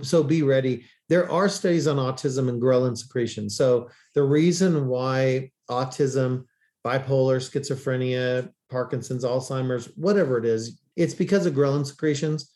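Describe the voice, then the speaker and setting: A man's voice: mid-range voice, mellow. A man speaking as a podcast guest, explaining with enthusiasm and acting out quoted people in raised voices. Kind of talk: animated storytelling in interview.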